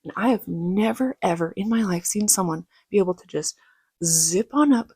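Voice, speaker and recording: A woman vlogger telling a personal story casually, acting out quoted lines in a higher, louder voice. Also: moderate pace, breathy edge, no echo, clean studio sound. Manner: casual, many fillers like "like".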